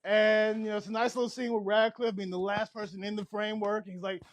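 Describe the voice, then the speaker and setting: High-voiced man rambling through a TV recap. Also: quick pace, no echo, highs cut off. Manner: rambling, excitable, laughing and shouting as he recaps. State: short on sleep. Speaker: TV show reviewer. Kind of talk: casual spoiler recap.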